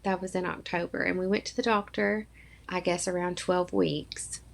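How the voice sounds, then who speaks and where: Gravelly-voiced woman sharing an emotional story. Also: lowish voice, fairly even intonation, normal speed. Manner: earnest, emotional storytelling with acted-out quotes. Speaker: podcast guest. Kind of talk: personal storytelling in a podcast interview.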